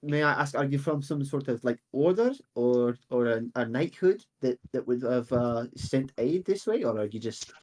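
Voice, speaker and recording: A fussy, kindly old genasi apothecary woman, as a man puts her on for a tabletop game, rambling on with ums and restarts. Her voice leaps up high and swings widely as she chatters. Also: animated, normal speed, few pauses, a little mellow, natural voice. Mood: chattering. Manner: rambling, hesitant, many fillers. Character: elderly female earth genasi apothecary, fussy and kind.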